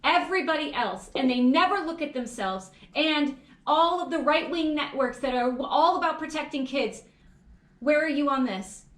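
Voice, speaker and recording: A middle-aged woman co-hosting a podcast in casual chat, full of quick reactions and heated asides. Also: sits high, a bit bright, roomy sound. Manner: reactive, gasps and quick interjections, heated when ranting. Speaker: podcast co-host.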